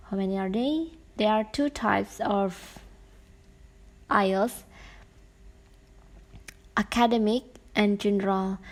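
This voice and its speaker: Slow, halting woman teacher. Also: medium pitch, a little mellow, rough recording. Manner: slow, halting explanation with many fillers. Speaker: English teacher. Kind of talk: online class lecture.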